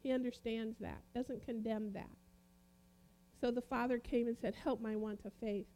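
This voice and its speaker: High-voiced woman preaching emphatically. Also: fairly even intonation, warm tone. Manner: emphatic, rising and falling, dramatic pauses. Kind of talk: sermon, reading and comparing Bible translations.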